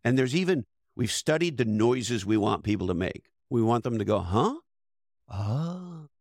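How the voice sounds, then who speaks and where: A man's voice: lowish voice, fairly quick, darkish tone, dry recording, clean studio sound. A man speaking as a podcast guest, emphatic and persuasive, driving his points with punchy rhetorical questions. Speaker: podcast guest, category design expert. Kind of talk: energetic interview talk.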